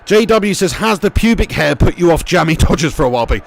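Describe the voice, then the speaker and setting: A young man live-streaming a football game, commentating excitably, swearing freely and chatting with viewers. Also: fairly high pitch, fast, creaky.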